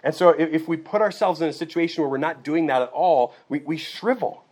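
A man's voice: a little high, a little fast, darkish tone. A man preaching a sermon, teaching in a conversational way and often checking in with his listeners with "okay" and "right.". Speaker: pastor.

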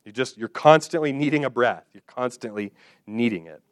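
A man preaching from the pulpit, his voice at an ordinary middle pitch. He leans on key phrases, repeating them slowly, and keeps asking his listeners questions. The sound is dry and close, with hardly any room echo. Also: animated. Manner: addresses listeners directly with questions. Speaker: pastor. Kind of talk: expository sermon.

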